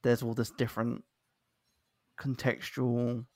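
Speaking slowly in a level, medium-pitched voice, a London man with an English accent hosts a podcast interview. He's chatty and self-deprecating in this casual conversation, captured at studio quality with no room sound.

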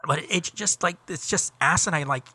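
A middle-aged man co-hosting a podcast, his somewhat high, bright voice tumbling through a rambling, profane rant full of fillers. The sound is dry and close, with no room around it. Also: brisk, slightly rough, dry recording. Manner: rambling, profane, heated ranting with many fillers. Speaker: podcast co-host. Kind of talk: casual chat.

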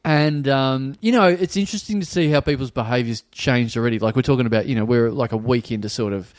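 A man's voice: medium pitch, quick pace, no room sound, studio quality. A man co-hosting a comedy podcast, telling meandering stories with hesitations. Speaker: podcast co-host. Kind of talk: loose comedic chat.

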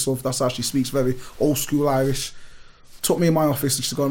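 A man, a gym owner telling stories in an animated, emphatic way full of street on a casual podcast. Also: mid-range voice, fast talker. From Britain. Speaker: gym owner and powerlifting guest.

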